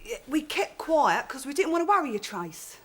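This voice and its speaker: A woman's voice: high voice, very animated, moderate pace, a little hiss or hum. An actress playing a sarcastic, bawdy woman. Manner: wisecracking, sarcastic. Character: sardonic, bawdy London woman, the boy's auntie.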